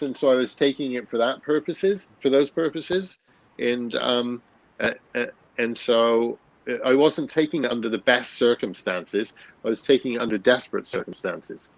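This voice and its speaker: A man's voice: medium pitch, normal speed, no room sound. A man in his fifties talks candidly as a podcast guest. His voice sits in a middling register, and he restarts phrases and swears casually as he goes. The recording is dry and a little muffled, with a lo-fi edge. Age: 50s. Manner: blunt, swears freely, many restarts. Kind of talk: candid conversational storytelling.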